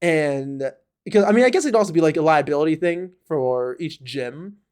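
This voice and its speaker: A man co-hosting a podcast talks in a loose, rambling way, with lots of filler words. His voice sits a little high and swings widely in pitch as he gets animated. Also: normal speed, clear, resonant tone. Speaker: podcast co-host. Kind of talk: casual chat.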